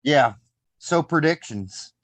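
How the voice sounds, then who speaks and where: A man co-hosting a casual soccer podcast, animated, laughing often and swearing freely. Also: fairly high pitch, takes it slowly, no room sound. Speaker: podcast co-host.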